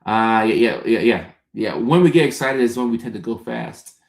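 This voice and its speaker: A man hosting a casual livestream, answering viewers' comments by name in an unhurried, conversational way. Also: medium pitch, lively intonation, gravelly, echoey room. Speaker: comedian and livestream host answering chat.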